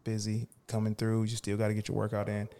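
A man hosting a podcast in casual chat, laid-back and slangy, turning animated when he reads aloud. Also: lowish voice, quick pace, smooth. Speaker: podcast host.

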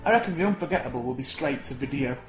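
A man from St Helens, hosting a podcast with deadpan, teasing banter and free swearing. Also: mid-range voice, racing. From St Helens, North West England. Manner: teasing, deadpan mock-jealousy, swears freely. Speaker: podcast host. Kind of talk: comic banter. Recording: roomy sound with music behind.

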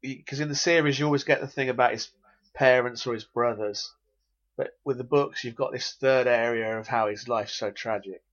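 A man's voice: medium pitch, steady tone, normal speed, fairly bright tone. A man chatting casually as a podcast panelist, hesitant and asking questions. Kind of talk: casual chat. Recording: dull lo-fi recording.

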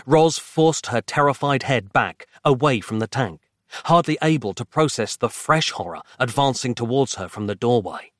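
A man's voice: medium pitch, lively intonation, fairly bright tone, no room sound. Man narrating horror, dry close sound. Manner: dramatic, measured storytelling.

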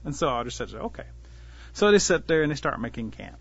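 A man's voice: a little high, big pitch swings, fairly bright tone, breathy edge, no echo, muffled recording. Man telling an animal folktale. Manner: unhurried folksy telling, voices the animals lightly. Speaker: storyteller. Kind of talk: oral storytelling of a traditional tale.

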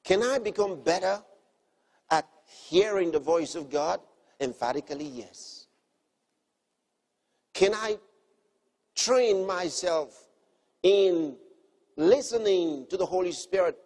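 In his sermon, a man teaches with sincerity, repeating key lines and alternating between soft, quiet lines and emphatic ones. His voice sits high, and he speaks slowly with long pauses.

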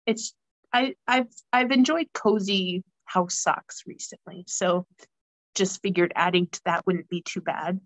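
Brief: chatty woman with a frog in her throat, dry close sound, mid pitch. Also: fairly even intonation, a little slow, no room sound, rough recording. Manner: chatty, rambling, many fillers. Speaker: guest knitter. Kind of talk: casual knitting podcast chat.

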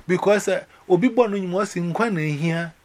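A man's voice: high voice, a little fast, a little mellow. A man from Ghana rambling casually on a phone call, slipping between English and Akan.

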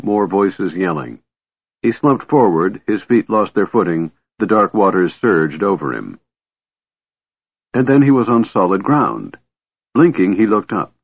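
A male narrator reads a fantasy story in a measured, dramatic way. His voice is deep and husky. The recording is dry and narrow, like a phone line. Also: animated, no room sound. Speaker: audiobook narrator. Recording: tinny phone-like audio.

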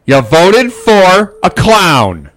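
A man vents in casual conversation, his voice pitched high and swinging widely up and down. He talks in an indignant, profane way throughout. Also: huge pitch swings, extremely slow, a bit bright. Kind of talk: casual chat.

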